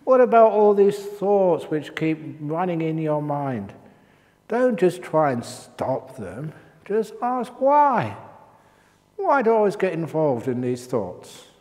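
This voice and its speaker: An older man giving a meditation talk at a retreat, an animated storyteller whose voice jumps high for quoted outbursts. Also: slow. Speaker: meditation teacher. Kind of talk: dharma talk with humorous stories. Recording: reverberant hall.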